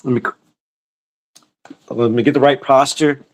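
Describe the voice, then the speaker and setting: A man voicing Moses as a fussy older man who rushes through his worries about getting prayer right. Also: medium pitch, fairly even intonation, darkish tone, lightly acted.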